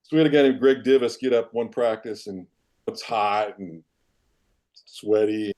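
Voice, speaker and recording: A man in his fifties, a podcast guest, recounts old football stories in a mellow, warm voice that sits a little low. He tells them in an animated, self-deprecating way. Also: normal speed. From Iowa, United States. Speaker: interview guest, former football player and coach. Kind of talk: casual storytelling in a podcast interview.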